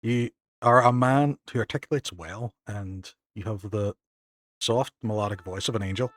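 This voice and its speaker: A Northern Irish man streaming a game live, chatting casually with viewers and thanking them, excitable and self-mocking. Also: fairly low pitch, moderate pace, no echo. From Northern Ireland.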